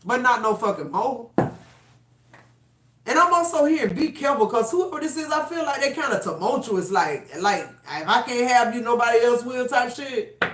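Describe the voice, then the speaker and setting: A woman's voice: fairly high pitch, lively intonation, moderate pace, noisy background. Blunt, fired-up woman reading tarot. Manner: blunt, profane, fired-up and emphatic. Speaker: tarot reader. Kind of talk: live-stream tarot reading. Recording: roomy echo.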